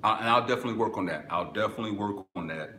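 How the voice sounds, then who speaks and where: A man hosting a live music-business webinar, reading chat and answering casually, with sudden excited bursts between relaxed stretches. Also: racing. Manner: excitable bursts, then drops low and relaxed. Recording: echoey room, faint background noise.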